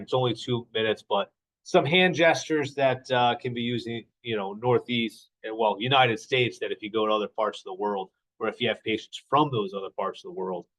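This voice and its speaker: A man's voice: medium pitch, poor audio. A man who is a physical therapist, lecturing a class in a conversational way, asking questions and acting out stories. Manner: conversational, asks the class questions, acts out anecdotes.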